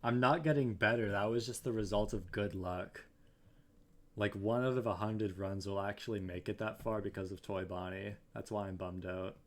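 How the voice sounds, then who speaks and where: A man's voice: fairly low pitch, moderate pace. A young man streaming live, talking glumly in casual chat and repeating his phrases.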